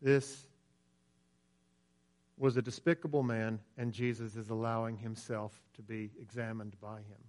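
A man's voice: on the low side, level tone, measured pace, a little mellow. A man preaching a sermon in an earnest, emphatic way.

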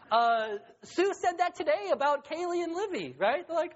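A young adult man preaching as a youth pastor in a casual, joking, conversational sermon that rises to excited emphasis. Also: very high-pitched, normal speed, hardly any pauses. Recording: dull lo-fi recording.

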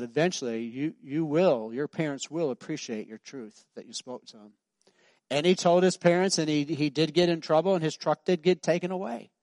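During a sermon in a church sanctuary, this middle-aged pastor speaks in a slightly high voice with a darkish tone. He tells stories as if chatting and acts out the characters' voices. The recording is dry.

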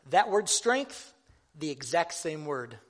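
A man delivers a sermon in a high, light voice. He talks like he's chatting with friends, pokes fun at himself, and often stops to restart a thought. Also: big pitch swings, fairly bright tone. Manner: conversational, self-deprecating, halting restarts. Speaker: preacher.

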